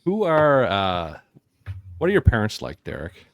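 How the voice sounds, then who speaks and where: A man's voice: fairly low pitch, wildly swooping pitch, unhurried, vocal fry, dry recording, clean studio sound. A man running a tabletop game as game master, asking his players easygoing questions.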